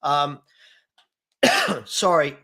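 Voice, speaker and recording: On a live football fan stream, the male host speaks extremely slowly in a fairly high, bright, forceful voice with huge swings in pitch. His talk is loose and rambling as he reads out viewer comments, full of fillers, restarts and repeated words.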